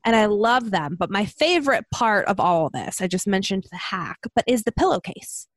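A woman's voice: medium pitch, lively intonation, normal speed, no echo. A woman co-hosting a casual podcast, chatting in a rambling way with lots of fillers. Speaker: podcast co-host. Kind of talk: casual chat.

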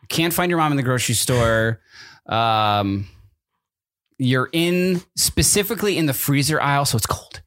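A man co-hosting a casual chat, with a deadpan, dryly joking delivery and an easy mid-range voice. The sound is dry and close, with no room echo. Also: mid-range voice, moderate pace. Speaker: co-host.

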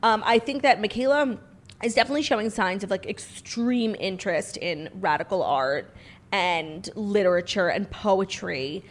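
A woman's voice: medium pitch, normal speed. A young adult woman co-hosting a comedy podcast, joking in mock-royal role-play with lots of "like" fillers. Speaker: podcast co-host.

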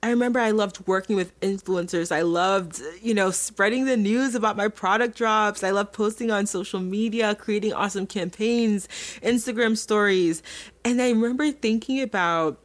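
A woman's voice: mid-range voice, normal speed. A young adult woman hosting her own podcast, talking candidly and chattily straight to her listeners. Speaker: podcast host. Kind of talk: casual solo podcast monologue.

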